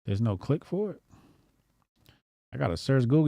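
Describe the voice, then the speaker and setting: A man's voice: medium pitch, big pitch swings, moderate pace, creaky, pauses often, mellow, no room sound, studio quality. A male comedian hosting a loose, profane commentary show, laughing and riffing in slang as he reacts to posts online. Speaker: comedian host.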